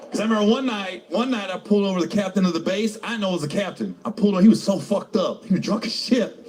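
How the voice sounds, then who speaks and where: A man telling profane stand-up stories about his time as a military cop, acting out the voices of the people in them. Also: sits high. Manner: profane, animated, acts out voices and laughs at own jokes. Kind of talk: stand-up storytelling.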